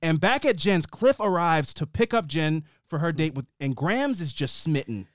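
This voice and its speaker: Animated high-voiced male podcast host. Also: moderate pace, no room sound, studio quality. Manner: animated, laughing, goes off on tangents. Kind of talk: casual chat recapping a TV show.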